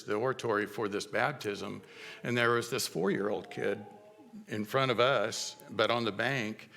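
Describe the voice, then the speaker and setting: Middle-aged guy preaching, gravelly and kinda bright, chatty with lots of restarts, big echoey church. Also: fairly low pitch. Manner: conversational storytelling with halting restarts. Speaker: pastor. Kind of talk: sermon. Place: church sanctuary.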